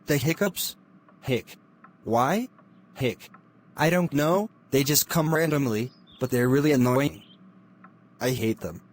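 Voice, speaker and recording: A man's voice: mid-range voice, unhurried, slight background noise, natural voice. Tiger, a man voicing a whiny hiccuping pup. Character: young male dog, whiny and hiccuping.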